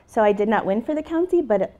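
A woman's voice: a little high, expressive, fast talker, mellow. A middle-aged woman teacher giving an earnest, emotional talk about her classroom, speaking to an audience with slides.

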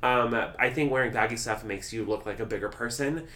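Bright-voiced chatty young man, podcast host. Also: mid-range voice, a little fast. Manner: chatty, enthusiastic, many ums. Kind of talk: casual personal update.

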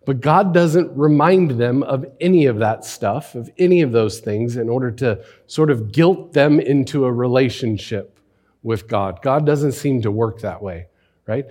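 A man's voice: mid-range voice, lively intonation, measured pace, darkish tone. A man preaching a sermon as pastor, conversational, often asking rhetorical questions and adding "right?".

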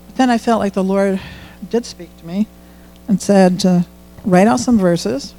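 A man's voice: high voice, unhurried, gravelly, warm tone, slight background noise, rough recording. A middle-aged man giving a candid, conversational testimony in church, often quoting his own prayers aloud. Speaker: church speaker sharing testimony. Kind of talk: informal sermon testimony.

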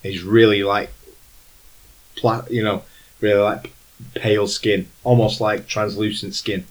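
Guy gm narrating a tabletop game, lowish voice, lots of ums and likes. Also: level tone, a little slow, poor audio. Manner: rambling descriptive narration, many fillers. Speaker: game master.

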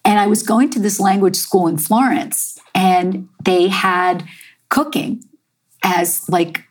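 An American woman, a chef and artist, telling her life story in an interview, halting and reflective with many fillers. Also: mid-range voice, fairly even intonation, breathy edge. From United States.

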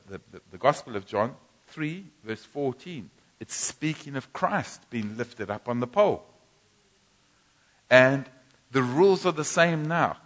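A man preaches a sermon in a church, his voice bright and clear at a middle pitch. He speaks emphatically, repeating key phrases and often restarting his sentences. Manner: repetitive, emphatic, frequent restarts.

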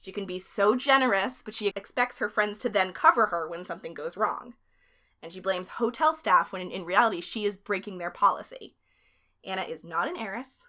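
A woman with a bright, forceful voice tells a story in a relaxed, conversational way. She keeps it lively and chatty and laughs easily as she goes. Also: medium pitch, brisk. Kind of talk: casual storytelling.

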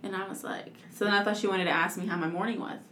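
A woman in her twenties telling a story in casual chat, animated and laughing, with lots of "like". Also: medium pitch, quick pace, slight background noise. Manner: animated, laughing, heavy use of "like". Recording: echoey room.

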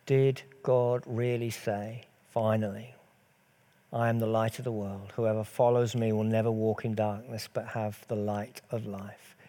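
A man's voice: fairly low pitch, flat delivery, moderate pace, warm tone. A man preaching a sermon earnestly, asking rhetorical questions and letting his voice swell and drop.

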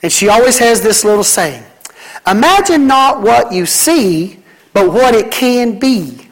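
Male pastor, high-pitched, fervent sermon delivery with repeated phrases. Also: animated, measured pace, poor audio. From Mississippi. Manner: preaching with emphatic, rhythmic repetition.

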